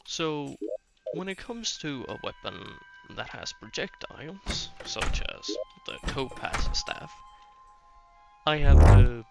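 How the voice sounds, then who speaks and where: Male gaming host, slow, animated delivery, casual explainer with fillers. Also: mid-range voice, gravelly. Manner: rambling, explains step by step with fillers. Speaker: gaming YouTuber. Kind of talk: casual gameplay commentary. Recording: loud background game music.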